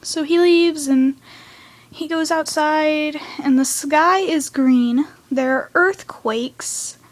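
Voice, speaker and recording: A teenage girl, alone in her room at home, gushes about a cartoon episode she just watched, her voice high, bright and excitable. She takes things slowly in general, but rushes through the plot recap and lapses into quiet whispered asides.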